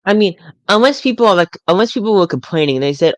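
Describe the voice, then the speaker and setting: A man's voice: sits high, expressive, fast, a bit bright, dry recording. A man chatting casually on a live stream as a toy collector, rambling and often stammering over his words.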